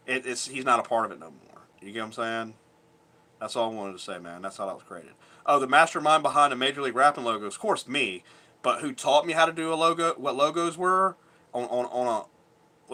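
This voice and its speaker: Brief: thirties guy vlogging, streetwise and cursing, bright edgy tone. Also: medium pitch. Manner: rambling, profane, streetwise. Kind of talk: casual storytelling.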